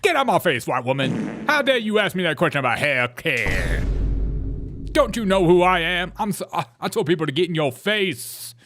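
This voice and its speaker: A man's voice: medium pitch, expressive, takes it slowly, hardly any pauses, sharp tone, soft background music. A man voicing an indignant woman politician who snaps at a reporter, in a mocking, overblown way. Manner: mocking, exaggerated, huffy.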